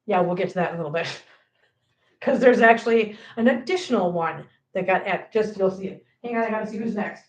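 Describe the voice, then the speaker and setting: A middle-aged woman hosting a casual live stream, chatty and animated, greeting viewers by name as she chats. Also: mid-range voice, fairly quick. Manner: chatty and animated, reads viewer comments aloud. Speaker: livestream host. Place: home, indoors. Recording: echoey room.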